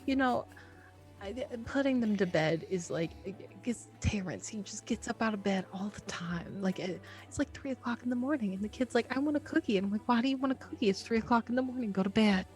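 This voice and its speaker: A woman's voice: mid-range voice, lively intonation, quick pace, a little mellow, faint music behind, natural voice. A woman voicing a chatty middle-aged suburban soccer mom who gushes and rambles. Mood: gushing.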